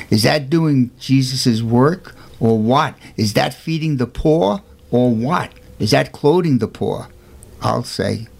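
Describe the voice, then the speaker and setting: In an informal, earnest way, a man with a gravelly, darkish voice tells the story of a saint's life. He is emphatic, fires off rhetorical questions, and raises his pitch for quoted voices.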